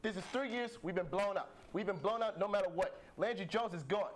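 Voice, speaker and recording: A man's voice: high-pitched, brisk. A man playing an angry senior college football player who rallies his team in a blustering, repetitive way. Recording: noticeable background noise.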